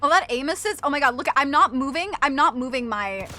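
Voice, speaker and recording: Lively high-voiced woman streamer. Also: brisk, a little hiss or hum. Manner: giggly, self-mocking, swears a lot. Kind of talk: casual gaming stream chat.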